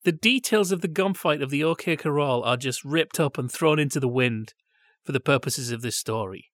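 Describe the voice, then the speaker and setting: A man with a slightly higher-than-usual voice, chatting on a podcast in a discursive, wry way with long asides. He sounds close to the mic in a dry, dead room. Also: moderate pace, fairly bright tone, dry recording. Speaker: podcast co-host. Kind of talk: casual analytical chat.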